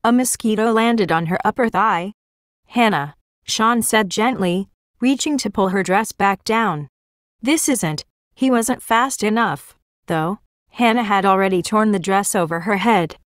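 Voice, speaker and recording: A woman reading a novel aloud as an audiobook narrator, in a steady, even manner. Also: medium pitch, normal speed, dry recording, studio quality.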